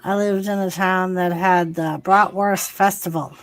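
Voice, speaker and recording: A woman's voice: on the low side, fairly even intonation, measured pace. A woman with a Massachusetts accent, hosting a casual livestream chat, talking freely and swearing often. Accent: Massachusetts, Lowell. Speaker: host.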